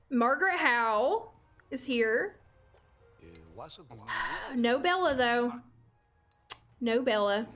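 Young woman casually streaming, high voice, laughs a lot, faint music behind. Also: a bit bright. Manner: chatty, laughs often, talks to game characters. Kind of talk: casual gameplay livestream chat.

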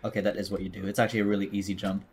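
A man's voice: on the low side, level tone, rapid-fire, a little mellow, a little hiss or hum. A man streaming a video game, chatting casually to himself and his viewers in a jokey way. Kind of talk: casual gameplay commentary.

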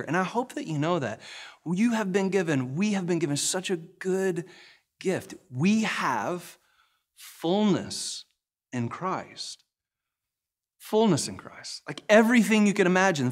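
A middle-aged man, a pastor, telling a story in a sermon with animated delivery and bursts of laughter. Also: a little high.

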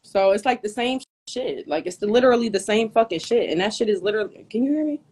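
Fast, lively intonation carries this woman's medium-pitched voice, which is a little mellow yet slightly rough. She's hosting a live stream on her phone, hot and sweating, cursing out a rival in an angry, confrontational rant.

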